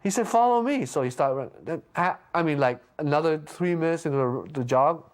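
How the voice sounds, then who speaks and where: A man being interviewed, casually telling a story with lots of restarts and stammers, jumping up in pitch when he acts out what people said. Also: brisk. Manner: lively anecdote with frequent restarts and stammers; acts out quoted lines with big pitch jumps.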